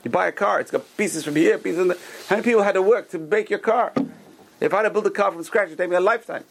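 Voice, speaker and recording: A man giving a Torah class, animated and repeating phrases for emphasis. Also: sits high, fast talker, creaky, slight background noise. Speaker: rabbi teaching a class.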